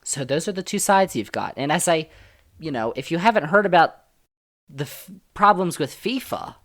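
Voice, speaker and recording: A man hosting a solo sports podcast, talking in an opinionated, emphatic way that jumps between loud and soft. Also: fairly high pitch, animated, moderate pace. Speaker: podcast host.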